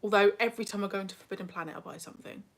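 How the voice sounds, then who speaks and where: Talking very fast in a fairly bright, medium-pitched voice, this young streamer reads out her chat with chatty self-deprecation, sometimes slipping into a whisper. It's casual live chat picked up on a home webcam.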